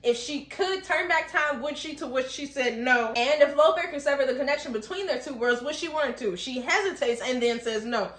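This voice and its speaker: A woman hosting a casual, animated TV episode recap. She chats, laughs often and keeps asking rhetorical questions. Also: high voice, fairly quick, few pauses. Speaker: TV recap host. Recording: echoey room.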